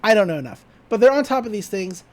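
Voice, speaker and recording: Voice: mid-range voice, sing-song, quick pace, low-quality recording. A podcast host casually retelling a cartoon episode, chatty and giggly, with lots of "uh" and "like" and little acted-out character lines.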